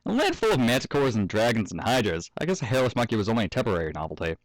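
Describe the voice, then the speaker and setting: Low-voiced young man reading a fanfic aloud. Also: big pitch swings, very fast, dry recording, rough recording. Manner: breaks off to joke, swear and laugh. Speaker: fanfic reader. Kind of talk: casual story reading with asides.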